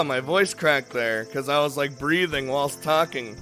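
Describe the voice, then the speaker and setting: Give me a sleepy male game streamer who rambles slowly and laughs between lines, bright-voiced. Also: a little high, faint music behind. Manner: rambling, laughs often, swears casually. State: just woke up, yawning. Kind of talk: live game stream chat.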